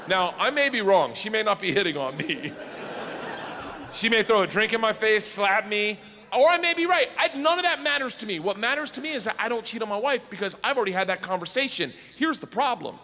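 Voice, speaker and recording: A man doing stand-up storytelling, loud and raucous, shouting his punchlines. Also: sits high, animated, a little fast, background noise. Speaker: comedian. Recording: reverberant stage recording.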